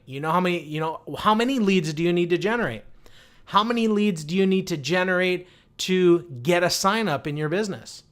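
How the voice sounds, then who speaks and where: Upbeat high-voiced man coaching. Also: fairly bright tone. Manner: upbeat, motivational, many rhetorical questions and fillers. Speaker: online marketing coach. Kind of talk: direct-to-camera business advice.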